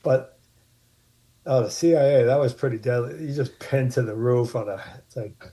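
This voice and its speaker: Podcast guest: man, very dark mellow tone, rambling casual storyteller full of restarts. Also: mid-range voice, moderate pace. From Martha's Vineyard, USA. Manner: rambling anecdotes with many restarts.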